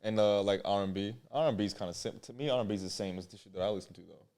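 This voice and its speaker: Fast-talking man, lowish voice. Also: darkish tone. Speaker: podcast guest. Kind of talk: casual group chat.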